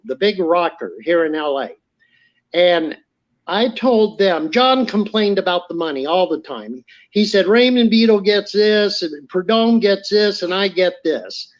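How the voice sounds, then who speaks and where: A man's voice: high voice, dull audio. A middle-aged man, telling stories casually as a podcast guest and acting out the voices of people he quotes. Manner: animated storyteller acting out quoted dialogue. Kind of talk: casual storytelling.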